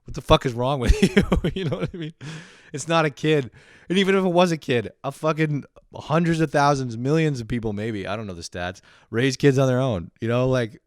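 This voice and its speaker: A very deep, smooth male voice delivering a profane, sarcastic rant straight into a close mic. The sound is dry, with no room echo. He talks loosely and casually, like a podcast host complaining to his listeners. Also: expressive, normal speed.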